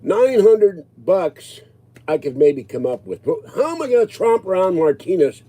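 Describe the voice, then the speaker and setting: A man's voice: sits high, very animated, normal speed, dark tone, a little hiss or hum. A man in his sixties ranting casually to his viewers, agitated and rambling. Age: 60s. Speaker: livestreamer answering viewers.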